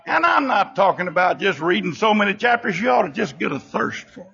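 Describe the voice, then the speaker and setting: Gravelly older preacher, dull recording. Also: male voice, big pitch swings, brisk, sharp tone. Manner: fervent preaching, sudden rises and drops in pitch and volume. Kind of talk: sermon.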